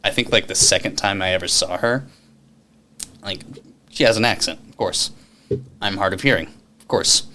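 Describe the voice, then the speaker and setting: A man chatting as a podcast guest, telling stories in an animated, profane way and laughing often. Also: low voice, moderate pace, pauses often, slight background noise. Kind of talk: casual storytelling chat.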